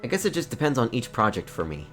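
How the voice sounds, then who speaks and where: A woman with a very deep voice chatting on a game stream. She makes wry asides in a relaxed, conversational way. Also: fast talker, soft background music. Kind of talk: casual game stream commentary.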